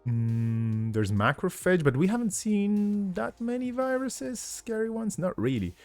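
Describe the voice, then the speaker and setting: A man's voice: high-pitched, sing-song, a little slow, darkish tone, dry recording, soft background music. A man with a tired voice co-hosting a card game stream in casual chat, hesitant and full of fillers. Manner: hesitant, many fillers and restarts.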